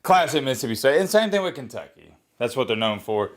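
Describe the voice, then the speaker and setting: A man's voice: mid-range voice, big pitch swings, quick pace. Blunt, rambling man ranting about football. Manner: blunt, opinionated, self-mocking; rambling with restarts. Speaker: college football YouTuber. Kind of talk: casual sports reaction rant.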